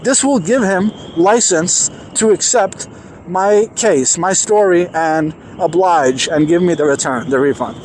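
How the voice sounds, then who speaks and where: High-voiced excited storytelling man. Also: a little slow, a little hiss or hum. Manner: excited, emphatic, acts out quoted dialogue. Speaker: vlogger telling a personal story. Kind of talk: animated storytelling.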